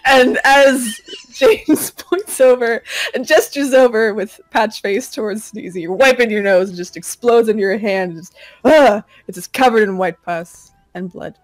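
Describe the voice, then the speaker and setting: A woman's voice: on the high side, moderate pace, dry recording. A woman narrating a tabletop pirate game as game master, describing scenes vividly.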